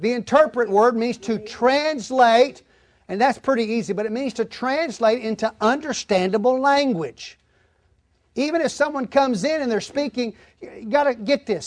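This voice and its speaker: Texan male pastor, folksy and animated, high-pitched, dry close sound. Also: no echo. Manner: folksy and animated, slows on key words. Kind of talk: sermon.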